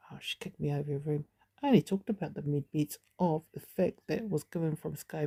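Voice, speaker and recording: A woman's voice: low-pitched, a little fast, mellow, breathy edge. A woman hosting her own channel, giving a casual, rambling vlog update with frequent asides. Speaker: channel host.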